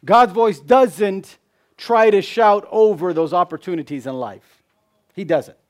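A man preaching a sermon, asking rhetorical questions, repeating key phrases, and dropping from loud emphasis to hushed tones. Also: sits high, measured pace. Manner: swings between loud emphasis and hushed drops.

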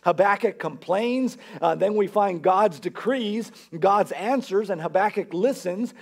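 Guy pastor preaching sunday morning, fairly high voice, earnest and chatty, builds up to emphatic lines. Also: a little slow, creaky, breathy edge. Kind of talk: sermon. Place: church.

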